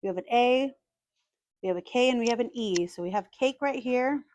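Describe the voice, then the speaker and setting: A woman calmly narrating as she scratches lottery tickets, methodically spelling out letters one by one. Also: on the high side, brisk, slight background noise. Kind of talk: calm scratch-and-reveal narration.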